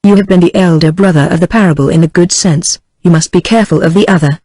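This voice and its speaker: A woman's voice: lowish voice, fast talker, no room sound. A text-to-speech woman's voice reading the lines of a mild elderly lord, with no change from the narration. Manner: flat synthetic reading, no voice change.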